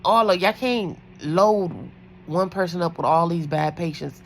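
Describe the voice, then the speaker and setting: A woman's voice: lowish voice, unhurried, slight background noise, low-quality recording. A woman who works as a night-shift nurse, chatting casually in a storytime vlog, rambling with lots of fillers.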